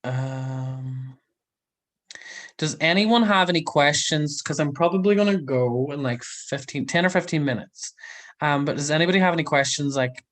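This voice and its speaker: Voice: medium pitch, moderate pace, a bit bright. Giggly chatty livestream host. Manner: chatty, giggly, rambling with many ums. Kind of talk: casual live chat reading viewer comments.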